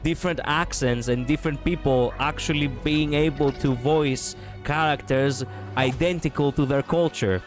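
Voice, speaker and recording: A man's voice: fairly high pitch, moderate pace, faint music behind. Rambling, laughing male streamer host. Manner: rambling, animated, laughs often, repeats himself. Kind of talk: casual chat on a livestream.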